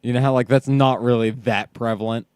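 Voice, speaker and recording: A man's voice: medium pitch, steady tone, a little fast, a little mellow, smooth, no echo, studio quality. A man from Ohio, a father, telling stories with lots of swearing and laughter in a casual podcast chat. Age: parent of young kids. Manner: profane, storytelling, laughs often. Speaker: podcast co-host.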